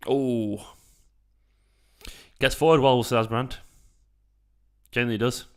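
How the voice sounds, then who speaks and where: A man's voice: medium pitch, steady tone, slow, smooth. A man hosting a live football watchalong, chatting casually, swearing freely and answering viewers' chat messages by name. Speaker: fan channel host.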